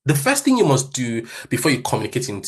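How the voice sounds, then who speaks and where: A man with a Nigerian accent, a Yoruba first language and a slight stutter, giving a motivational talk at a church and sometimes rushing his words. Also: medium pitch, huge pitch swings, husky. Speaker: speaker at a church session.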